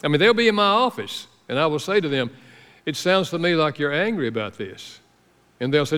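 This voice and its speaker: A man's voice: fairly high pitch, sing-song, brisk, fairly bright tone. A middle-aged man preaching a sermon as pastor, telling stories and acting out the voices of the people he quotes. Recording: long hall reverb.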